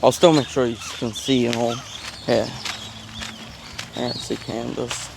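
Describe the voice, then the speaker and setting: A man's voice: medium pitch, level tone, measured pace, creaky. Male vlogger, rambling and chatty, recorded outdoors on a handheld phone with faint background noise. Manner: rambling, self-aware chatter with filler words. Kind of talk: casual walking vlog. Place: outdoors at a zoo. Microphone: handheld phone camera.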